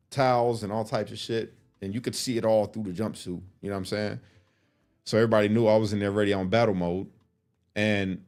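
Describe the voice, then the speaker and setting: A man casually retelling a personal story to the camera in blunt, animated street slang. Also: on the low side.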